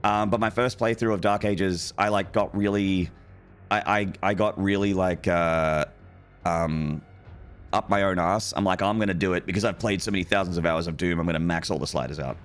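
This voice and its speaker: A low-pitched Australian man chats casually while he streams a game, often restarting his sentences and filling the gaps with sounds. Faint game music plays behind him. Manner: halting, many restarts and filler sounds. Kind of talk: casual gaming stream chat.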